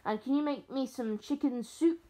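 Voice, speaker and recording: A woman's voice: high voice, normal speed, warm tone. Woman voicing a sick, whiny grown man. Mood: weak. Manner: groaning, complaining. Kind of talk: puppet comedy voice acting.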